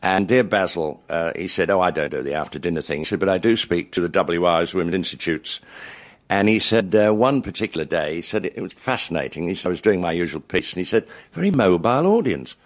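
A man's voice: low voice, fast talker. An older man telling funny anecdotes to a live audience in a genial, chuckling after-dinner style.

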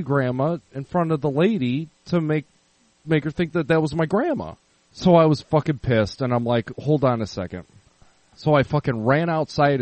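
A man's voice: medium pitch, a little mellow, no room sound, rough recording. A man co-hosting a casual podcast, telling a long prank story with plenty of swearing. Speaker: podcast co-host.

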